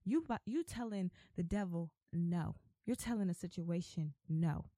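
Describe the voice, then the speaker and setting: A woman's voice: lowish voice, expressive, moderate pace, dark tone, dry recording. A woman hosting a faith podcast, talking emphatically and with repetition, like an exhortation. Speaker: podcast host.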